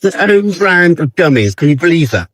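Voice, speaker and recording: A man talking excitedly to his viewers as he shows them around a large store, stacking up one find after another. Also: fairly high pitch, moderate pace, no room sound. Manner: excited, showing things off to viewers. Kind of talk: casual vlog to camera.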